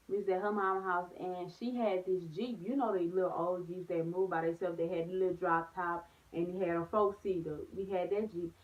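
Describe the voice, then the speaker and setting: A young woman chatting casually in a vlog, telling stories with lots of slang and "like"s. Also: fairly low pitch. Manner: animated storytelling with slang and many "like"s. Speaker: vlogger. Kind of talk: storytime vlog, casual chat. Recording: phone-like narrow sound.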